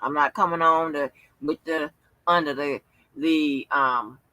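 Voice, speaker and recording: A worn-out woman hosting a livestream chats loosely with her viewers, swearing freely and full of fillers. Her deep voice is steady and unhurried with a sharp tone, and the rough recording has no room sound.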